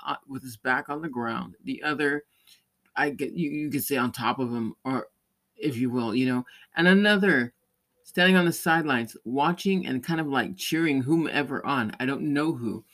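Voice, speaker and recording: A man's voice: mid-range voice, moderate pace, fairly bright tone. A man hosting a podcast, telling a rambling story in casual chat, with many restarts and light laughs. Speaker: podcast host; parent or caregiver.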